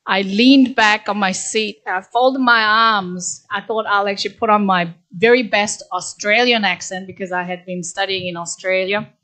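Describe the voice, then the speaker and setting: A woman's voice: mid-range voice, fairly even intonation, normal speed, hardly any pauses, pushed and bright. A middle-aged woman from Korea addresses graduates at a ceremony. She tells stories from her own career in a candid, conversational way that stays plain and direct. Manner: conversational, candid, with frequent "actually". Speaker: graduation guest speaker. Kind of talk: ceremonial speech, personal storytelling.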